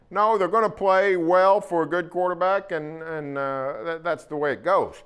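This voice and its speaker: A man with an Oklahoma accent co-hosting a casual sports talk show, folksy and opinionated, with plenty of pauses. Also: a little high, fairly bright tone, clean tone. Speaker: sports columnist co-host.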